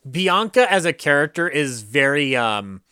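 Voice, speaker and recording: A man's voice: on the high side, very animated, unhurried, bright, forceful tone. A man co-hosting a casual podcast chat, who laughs often and restarts his sentences. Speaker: podcast co-host.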